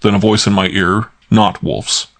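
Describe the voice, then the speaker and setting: A male audiobook narrator reading first-person crime fiction, brisk and wry. His voice sits low, and the reading moves along steadily. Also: fairly even intonation, creaky, fairly bright tone.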